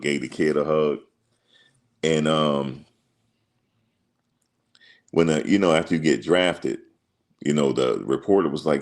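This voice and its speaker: Very deep-voiced male show host. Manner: rambling storyteller, slips into quoted voices. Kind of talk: casual livestream commentary.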